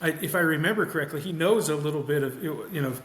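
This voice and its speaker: A man's voice: fairly high pitch, fast talker, fairly bright tone. Rambling male podcast host, echoey room. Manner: friendly, rambling, with frequent restarts. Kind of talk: casual podcast interview.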